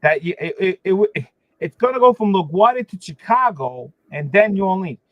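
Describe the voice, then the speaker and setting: A man's voice: high-pitched, expressive, fairly quick, no echo. A man hosting a livestream, chatting casually and complaining emphatically with lots of fillers. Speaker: livestream host. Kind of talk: casual chat. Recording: dull lo-fi sound.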